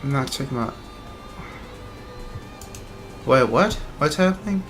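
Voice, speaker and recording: Bright-voiced young man ranting on stream. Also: medium pitch, expressive, fast, faint music behind. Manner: ranting, swearing, apologetic after outbursts. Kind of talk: casual livestream chat while gaming.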